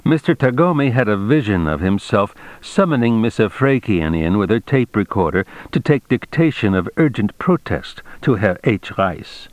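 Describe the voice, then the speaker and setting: A man reading a novel aloud as narrator in a measured, steady way. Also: fairly low pitch, dry recording. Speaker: audiobook narrator. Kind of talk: scripted narration.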